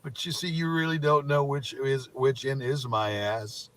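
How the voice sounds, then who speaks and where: Man doing a rambling troll parody, repetitive, self-mocking, mid-pitched. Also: fairly even intonation, measured pace, fairly bright tone, slight background noise, close to an everyday voice. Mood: droning mockery. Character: mocking caricature of a rambling male internet troll.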